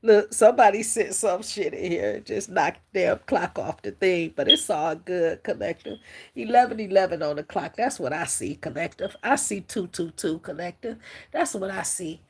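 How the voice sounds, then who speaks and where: Woman, spiritual livestream host, husky, emotional, preacherly. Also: lowish voice, animated, moderate pace, darkish tone. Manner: emotional, preacherly, talks straight to viewers. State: teary. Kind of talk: casual spiritual livestream talk.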